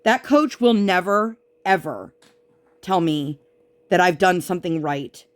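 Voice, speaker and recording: Woman vlogger with a lowish voice, venting frustration in a casual craft-along chat. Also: expressive, unhurried. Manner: frustrated, venting retelling of an argument.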